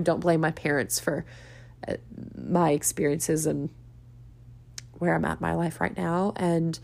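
A woman's voice: on the low side, darkish tone. A woman hosting a solo spiritual podcast, talking in an earnest, chatty way and laughing often. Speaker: podcast host and spiritual coach. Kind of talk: casual solo podcast monologue.

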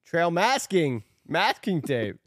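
A man's voice: a little high, very animated, slow pace, no room sound, studio quality. A young man co-hosting a casual game show podcast, playful and teasing, laughing often. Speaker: co-host running the games.

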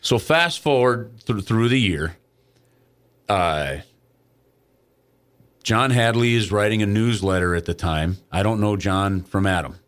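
Animated middle-aged man telling a story. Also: on the low side, measured pace, pauses often. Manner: animated, acts out other people's lines in quoted dialogue. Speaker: guest. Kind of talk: casual storytelling in an interview.

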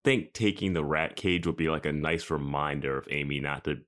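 A man's voice: rumbling low, brisk, fairly bright tone. A man co-hosting a podcast, dropping wry, joking asides in casual chat. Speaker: podcast co-host.

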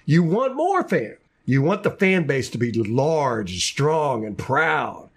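A man's voice: fairly high pitch, very animated, takes it slowly, husky. A man hosting a casual sports podcast, ranting with lots of repeated words and restarts. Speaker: podcast host.

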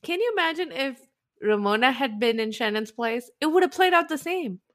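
A woman's voice: high voice, animated, brisk, a bit bright. A woman co-hosting a podcast, chatting playfully and laughing as she recaps a reality show. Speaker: podcast co-host. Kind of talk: casual recap chat.

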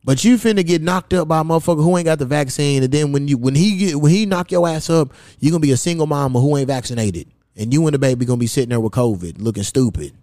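A young man from hosting a podcast, telling loose, profane stories in casual chat and jumping his pitch high when he quotes someone. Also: fast, few pauses, dark tone, no echo, studio quality. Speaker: podcast host.

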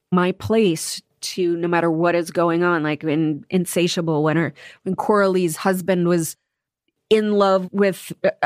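A woman in her forties, an actress and author, talking frankly and with humor in an interview, sometimes swearing and telling lively stories. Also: lowish voice, no room sound, studio quality. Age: 40s. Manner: frank, profane, animated storytelling. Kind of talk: candid interview conversation.

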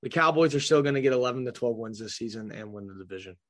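A man's voice: medium pitch, expressive, quick pace. A young man hosts a laid-back football talk show, loose and jokey, dropping casual swear words as he goes. His voice sits in an ordinary middle range. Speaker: podcast host. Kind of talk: casual sports chat.

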